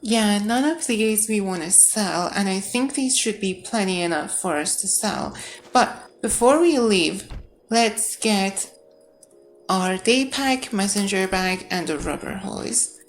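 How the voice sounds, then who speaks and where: A woman's voice: mid-range voice, animated, slow pace, a little hiss or hum. A woman playing a video game and commenting as she goes, thinking aloud, reading out on-screen text and correcting herself. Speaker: gamer. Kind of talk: let's-play commentary.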